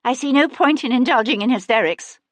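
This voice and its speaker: Woman voicing a crisp, steady young lady, brisk and composed, dry storybook read. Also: high voice, no echo, pitched above the performer's own voice. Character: composed, sharp-witted young lady in her twenties.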